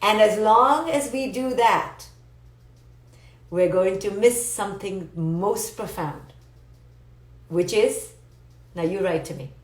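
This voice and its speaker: A woman psychologist giving a playful, animated live talk to viewers and answering their comments. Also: medium pitch, slow, pauses often. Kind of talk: live-stream motivational teaching. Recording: roomy echo.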